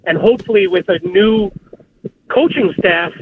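A man's voice: sits high, animated, normal speed. A man calling in to a sports radio show, talking confidently about his team. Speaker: caller. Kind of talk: phone-in chat. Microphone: telephone. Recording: tinny phone line with faint hiss.

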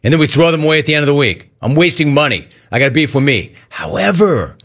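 A man hosting a call-in talk radio show, telling stories and ranting in an animated way. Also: fairly high pitch, quick pace.

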